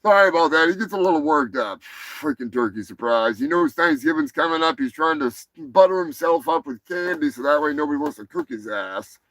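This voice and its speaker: Lively, foul-mouthed male show host. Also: fairly high pitch, a little fast, no echo, low-quality recording. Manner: profane, rambling, offhand. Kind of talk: casual live comedy show.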